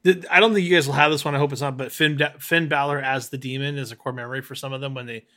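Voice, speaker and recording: Man, podcast co-host, friendly, chatty, restarts sentences, middle pitch. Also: fairly even intonation, rapid-fire, a bit bright. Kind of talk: casual chat.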